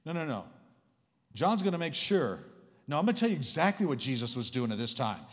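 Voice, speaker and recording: A man delivers a sermon in a high, lively voice that swoops all over his range. He talks to the congregation like friends, joking and throwing in sarcastic asides. A long reverb from the big church hall trails behind every line. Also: a little fast. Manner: animated, conversational and humorous, with sarcastic asides. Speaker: guest preacher.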